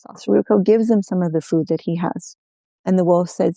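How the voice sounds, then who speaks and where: Storyteller woman, oral folk tale, unhurried, warm dry close sound. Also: on the low side, steady tone, gravelly, dry recording. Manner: unhurried, repetitive refrains. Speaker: storyteller guest.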